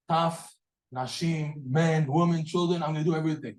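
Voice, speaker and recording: A man giving a lively Torah class, acting out stories and laughing at his own jokes. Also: fairly high pitch, normal speed. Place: hall or synagogue with audience. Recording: echoey room.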